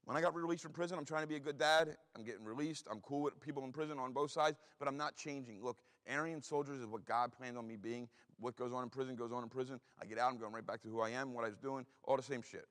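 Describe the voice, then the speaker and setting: A Philadelphia man in his forties with an East Coast accent tells stories as a guest speaker in rapid, blunt street talk thick with profanity. His mid-range voice has fairly even intonation and a fairly bright tone, and the hall around him is reverberant.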